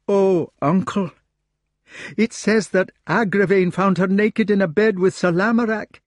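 A man voicing a young knight, numb with grief, speaking in a halting, dazed way. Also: sits high, fairly even intonation, no echo, studio quality, pitched above the performer's own voice. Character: young grieving male knight, stunned and numb.

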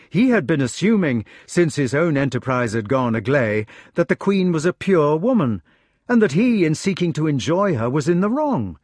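Male narrator for an audiobook, lively and expressive, dry booth sound. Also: fairly high pitch, husky, no echo. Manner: expressive storytelling. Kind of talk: scripted narration.

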